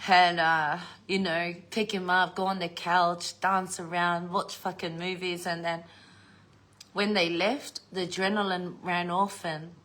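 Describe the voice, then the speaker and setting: Older kiwi nan chatting to camera, swears a lot, keeps cracking up laughing. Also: female voice, on the low side, unhurried. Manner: swears freely, laughs often, animated storytelling. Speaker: vlogger. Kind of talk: casual chat to camera.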